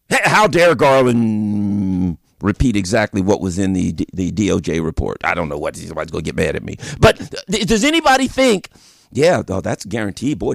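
Lively gravelly-voiced male show host. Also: medium pitch, no echo, studio quality. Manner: animated, repeats points, fires rhetorical questions. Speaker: political commentary show host. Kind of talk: opinion monologue.

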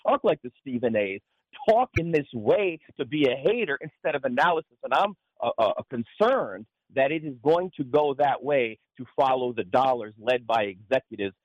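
Animated man talking sports on radio. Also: medium pitch, moderate pace, no room sound, muffled recording. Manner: animated, opinionated analysis. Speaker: radio co-host and sports analyst. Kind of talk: sports and politics talk radio.

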